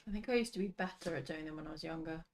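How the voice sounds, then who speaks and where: A woman's voice: low-pitched, rapid-fire, slight background noise. A woman chatting casually on a livestream, making dry, teasing remarks.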